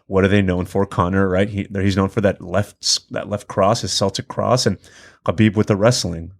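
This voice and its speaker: A man's voice: sits low, little pitch movement, normal speed, gravelly. A man appearing as a guest in a casual studio podcast chat, telling stories in a laid-back, slangy way and laughing often.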